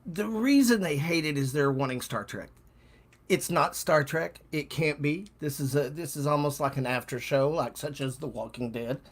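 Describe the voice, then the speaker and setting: A man's voice: fairly high pitch, moderate pace, hardly any pauses. An older man in casual chat with his daughter on a live stream, giving blunt, dry opinions. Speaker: guest, host's father.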